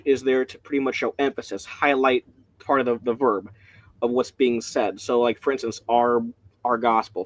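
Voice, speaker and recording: A man leading a casual Bible study, rambling and excitable, often breaking off mid-sentence, speaking from home. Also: medium pitch. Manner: rambling, excitable, self-interrupting.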